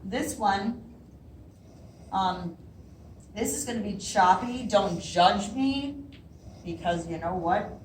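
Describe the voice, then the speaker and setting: A woman's voice: mid-range voice, expressive, slow pace, pauses often, slight background noise. A woman poet reading her own poems aloud at a library event, nervous and laughing often between lines. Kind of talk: live poetry reading. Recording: roomy hall, voice from a distance.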